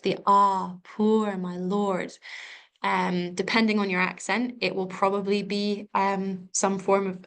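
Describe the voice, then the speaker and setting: A young woman talks through an exam revision lesson in an even, level voice that barely rises or falls. She hesitates often, filling gaps with ums and starting sentences over as she thinks aloud. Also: fairly low pitch, creaky. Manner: hesitant, many ums and restarts. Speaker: revision tutor.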